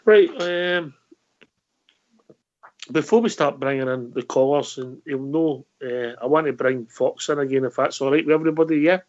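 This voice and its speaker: A man with a Scottish accent hosting a fan call-in show, brisk and jokey as he leads the talk. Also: fairly high pitch, a little mellow, dull audio. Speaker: host. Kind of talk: casual call-in chat.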